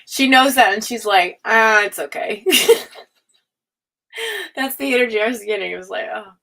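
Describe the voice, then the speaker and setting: A woman hosting a live tarot stream, chatting casually, reading out viewer comments, laughing often and slipping into hushed asides. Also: a little high, moderate pace, gravelly.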